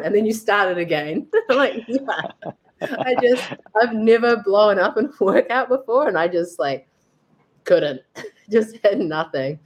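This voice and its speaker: A woman's voice: mid-range voice, lively intonation, moderate pace. A young woman, a fitness coach telling a story in a casual, chatty way and acting out what she thought. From New Zealand. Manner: chatty, lots of "like" and acted-out self-quotes. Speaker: guest, fitness coach and athlete.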